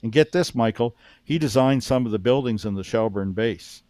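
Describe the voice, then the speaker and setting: A man from Canada, a former police officer and paranormal researcher, telling a story as a podcast guest, with frequent restarts and lively retelling of what others said. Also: mid-range voice, normal speed, no room sound. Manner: animated storyteller who acts out quoted speech, with frequent restarts.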